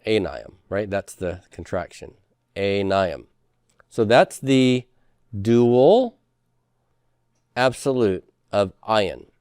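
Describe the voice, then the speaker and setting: Smooth-voiced man teaching a class. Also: lowish voice, expressive, drawn-out words, pauses often, darkish tone, no room sound, studio quality. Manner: explanatory, asks checking questions, frequent fillers. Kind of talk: classroom lecture.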